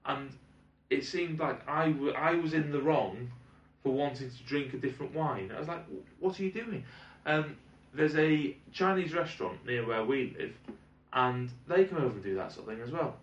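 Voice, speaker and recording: A man's voice: medium pitch, normal speed. A British man telling a long, exasperated restaurant anecdote in casual chat, rambling and swearing as he rants. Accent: British English. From Britain. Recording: roomy, distant, dull lo-fi sound.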